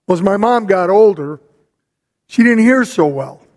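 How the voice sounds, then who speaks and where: A middle-aged man giving a sermon with a measured storytelling manner, pausing between phrases. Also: high-pitched, lively intonation, a little mellow. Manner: measured, storytelling preacher with pauses. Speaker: pastor. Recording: long reverb of a hall.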